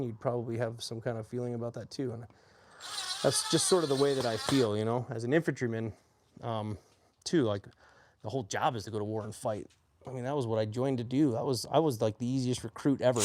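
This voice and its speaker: A man in his forties, an army veteran, telling his own story in a casual, plainspoken way with faint hum behind him. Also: mid-range voice. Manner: plainspoken, animated when quoting others.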